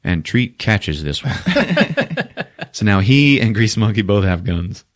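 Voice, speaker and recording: A man hosting a podcast, retelling a movie plot in a loose, profane, animated way and laughing at his own jokes. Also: on the low side, takes it slowly. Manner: profane, animated retelling with sudden character voices. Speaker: podcast host. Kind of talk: casual movie recap.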